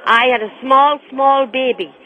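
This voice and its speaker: A feisty elderly Irish woman scolds and insists in a very high voice, as a man puts her on. The sound is dull and lo-fi, as on an old radio broadcast. She keeps cutting back in to be heard. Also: fairly even intonation, measured pace. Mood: indignant. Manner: indignant, insistent.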